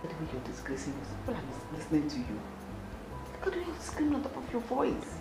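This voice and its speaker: Exasperated Nigerian woman on a call, urging calm, low pitch that swings wildly, roomy echo, loud score. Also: fast talker, gravelly, loud music behind the voice, exaggerated voice. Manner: pleading, urging calm over and over.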